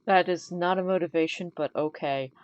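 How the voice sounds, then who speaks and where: A woman streamer chatting casually with quick retorts. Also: on the low side, clean tone, no echo, dull audio. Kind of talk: casual chat.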